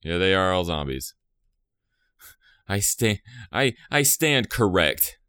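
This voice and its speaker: A man's voice: sits low, sing-song, slow pace, pushed and bright, clean tone, no echo, clean studio sound. A man in casual podcast chat, rambling and laughing often, trailing off mid-thought.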